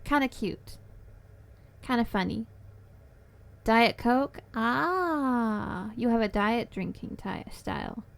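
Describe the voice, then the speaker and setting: Slow, playful higher-voiced woman streamer. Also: animated, gravelly. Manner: playful, giggly, cutesy baby-talk phrasing. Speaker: livestreamer. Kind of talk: casual chat with stream viewers. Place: home desk setup.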